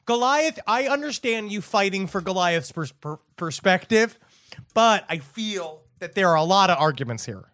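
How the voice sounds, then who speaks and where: A man co-hosting a podcast in casual comedic chat, rambling and trading crude deadpan jokes. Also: sits high, moderate pace, dry recording, studio quality. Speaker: podcast co-host.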